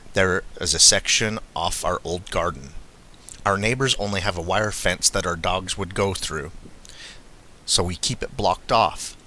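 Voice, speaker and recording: A man reading a first-person witness account aloud in a steady, measured way. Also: sits low. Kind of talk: scripted first-person narration.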